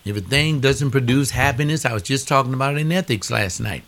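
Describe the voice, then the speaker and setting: A man's voice: mid-range voice, fairly quick, fairly bright tone. An older man delivering a preaching monologue, emphatic, repeating phrases with a rising preacher's cadence.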